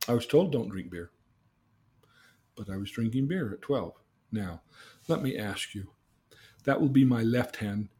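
A man's voice: medium pitch, animated, moderate pace, warm tone. Earnest man telling personal stories. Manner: earnest, repeats himself, asks leading questions. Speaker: guest telling life stories. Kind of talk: casual personal storytelling.

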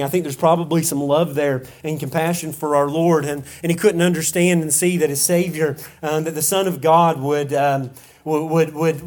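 A man's voice: on the high side, darkish tone. Earnest preacher man with restarts. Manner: earnest, many restarts and repeated words; rhetorical questions to the congregation. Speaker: pastor. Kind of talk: sermon.

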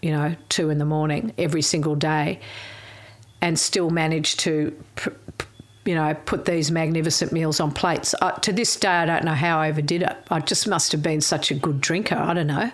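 A woman's voice: low voice, steady tone, moderate pace. Rambling middle-aged woman. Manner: rambling storyteller, laughs often. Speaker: former chef. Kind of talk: casual reminiscing chat.

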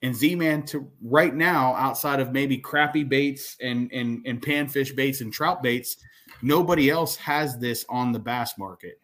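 A man's voice: mid-range voice, measured pace, fairly bright tone. A man co-hosting a podcast in casual chat, explaining at length and starting sentences with "so". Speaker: podcast co-host.

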